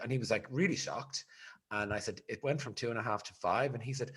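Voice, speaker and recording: Guy rambling thru a story, voice goes all up and down, kinda husky. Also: mid-range voice, fast. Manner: animated, rambling storyteller with restarts. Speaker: podcast host. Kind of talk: casual storytelling chat.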